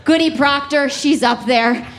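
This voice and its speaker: A young woman doing a stand-up set on a comedy club stage with a handheld mic, talking in a conversational, profane way and building up to shouted punchlines. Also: sits high, measured pace. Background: audience laughter.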